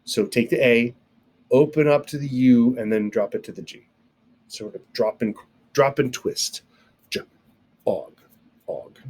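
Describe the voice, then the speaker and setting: A man's voice: medium pitch, steady tone, a little slow, long pauses, darkish tone, breathy edge. A man giving a casual recorded video lesson, explaining things step by step with playful sound effects and asides, recorded alone indoors on camera. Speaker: sign language teacher.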